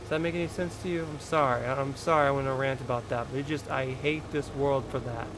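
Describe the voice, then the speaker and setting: A man's voice: mid-range voice, fairly even intonation, fast, background noise. A man in his thirties from the United States, delivering a heated, profane vlog rant full of repetition. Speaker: vlogger. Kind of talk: angry political rant.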